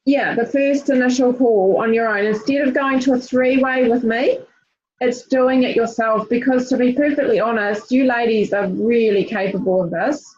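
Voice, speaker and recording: A woman's voice: on the high side, fairly even intonation, moderate pace, a little mellow. Woman coaching her team on a lo-fi call. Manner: direct, encouraging, many fillers and restarts. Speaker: team leader.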